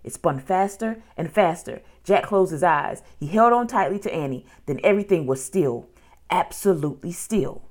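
A woman reading a children's book aloud, with steady, expressive storytelling. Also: fairly low pitch, normal speed.

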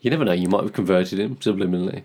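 Very deep-voiced man chatting. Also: racing, a little mellow. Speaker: podcast co-host. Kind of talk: casual chat.

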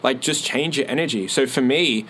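Animated man coaching in casual talk. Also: medium pitch, normal speed, a little hiss or hum, poor audio. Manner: animated, acts out little dialogues, swears casually. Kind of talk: casual podcast conversation.

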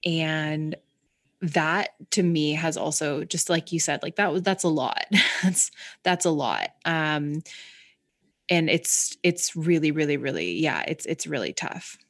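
A woman's voice: deep voice, unhurried, a bit bright. A woman in casual, candid conversation, reflective and repeating words for emphasis, with occasional swearing. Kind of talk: casual heart-to-heart chat.

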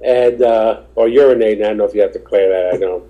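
A man's voice: on the low side, steady tone, quick pace, phone-quality sound. A male stand-up comedian, a podcast guest, telling rambling anecdotes in casual chat and acting out the voices of the people in them. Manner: rambling, acts out quoted voices.

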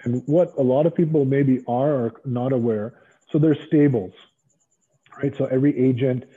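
A former pro wrestler as an interview guest, telling rambling stories in casual chat with lots of fillers and restarts, heard over a tinny phone-like line. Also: male voice, medium pitch, moderate pace, slightly rough. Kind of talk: casual storytelling.

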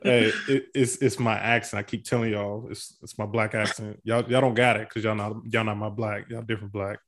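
A man's voice: lowish voice, little pitch movement, fairly quick, fairly bright tone. A man with an Oklahoma accent hosting a podcast in casual chat, joking and explaining rules loosely with plenty of fillers. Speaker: podcast host.

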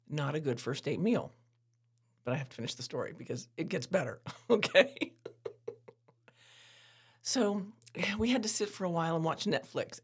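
Podcast host: frank, laughing woman, husky lowish voice, very lively delivery. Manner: candid, laughing, animated storytelling. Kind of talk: frank casual monologue.

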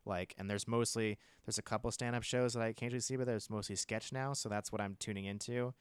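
A male comedian chatting casually on a podcast, laid-back and quick to laugh. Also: on the low side, steady tone, clear, resonant tone, dry recording. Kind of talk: casual chat.

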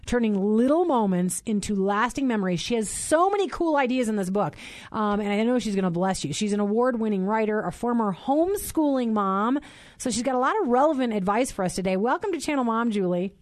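A woman's voice: a little high, lively intonation, a little fast, a little mellow, no echo. A woman in her forties hosting a Christian radio talk show, chatty and bubbly, laughing often. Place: radio studio.

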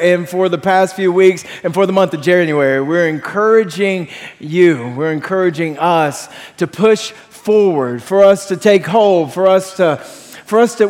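A man preaching a sermon as pastor, energetic and telling stories with voiced quotes. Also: a little high, long reverb tail. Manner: energetic, storytelling with acted quotes.

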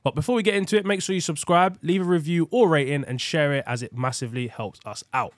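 A man's voice: on the high side, fast talker, no room sound, clean studio sound. A man hosting a podcast, upbeat and guiding the casual chat. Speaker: podcast host.

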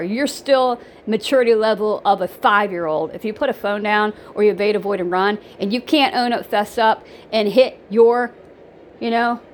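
A woman's voice: medium pitch, slight background noise, rough recording. Rambling, blunt woman giving advice. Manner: rambling, blunt, repeats herself, lots of fillers. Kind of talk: casual advice monologue.

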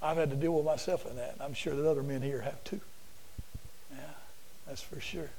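A man preaching a sermon to a class in a folksy, animated storytelling way, often repeating himself. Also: medium pitch, a little fast, vocal fry, low-quality recording. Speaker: preacher and teacher.

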